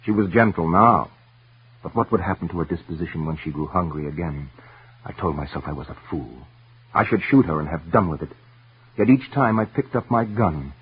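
A man giving earnest, intense first-person dramatic narration for a radio story, sometimes dropping to hushed tones. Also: low voice, husky. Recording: tinny old radio broadcast with faint music.

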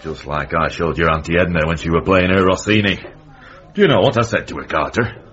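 An actor playing a grumpy, beer-loving old uncle with a Northern English accent in a radio comedy drama, wry and mock-pompous. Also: male voice, low-pitched, a little fast, fairly bright tone. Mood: gloating. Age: older. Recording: muffled old radio broadcast.

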